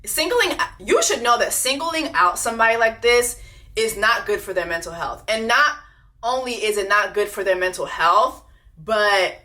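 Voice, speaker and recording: Animated profane woman reacting. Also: a little high. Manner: blunt, profane and animated, repeating lines for emphasis. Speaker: reaction video host. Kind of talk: unscripted reaction commentary.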